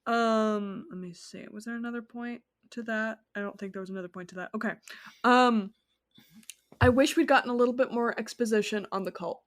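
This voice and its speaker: A woman's voice: a little high, brisk. A woman co-hosting a casual film podcast, rambling and correcting herself with many fillers. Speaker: podcast co-host.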